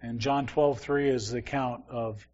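A man's voice: medium pitch, steady tone, measured pace, darkish tone, muffled recording. A man teaching a Bible study in a conversational way, often asking his listeners questions and reading from scripture. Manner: conversational, asks the class questions.

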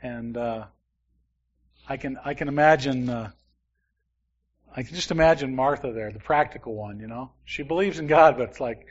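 A man's voice: medium pitch, moderate pace, long pauses, muffled recording. A man teaching a Bible study in a conversational way, often asking his listeners questions and reading from scripture. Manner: conversational, asks the class questions.

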